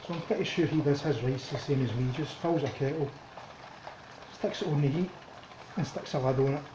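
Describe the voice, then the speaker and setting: A relaxed Scottish man talking his way through a home cooking session, chatty and unhurried, at a mid pitch. The recording is dull and lo-fi, with a roomy kitchen echo and steady noise behind him. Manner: chatty, relaxed, thinks aloud while cooking. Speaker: cooking vlogger. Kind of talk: casual cooking commentary.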